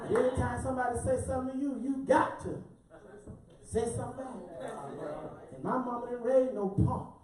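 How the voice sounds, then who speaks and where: A man's voice: extremely high pitch, steady tone, normal speed, crowd noise. A man, preaching a sermon in a rhythmic, sing-song, call-and-response style. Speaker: pastor. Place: church sanctuary. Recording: echoey church from far off with congregation.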